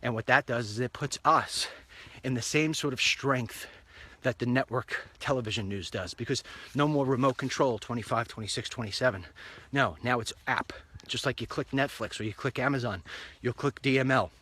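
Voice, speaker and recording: A man hosts his own online show as a casual walk-and-talk, rambling cheerfully while strolling along a street outdoors. His medium-pitched voice is husky, pushed and bright, at a normal speed.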